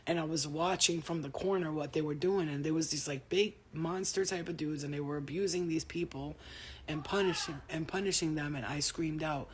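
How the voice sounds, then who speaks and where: A woman's voice: low-pitched, steady tone, a little fast, a little hiss or hum. A woman vlogger talking casually to her viewers about spiritual experiences, rambling, swearing freely and sounding tired. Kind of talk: casual spiritual talk to camera.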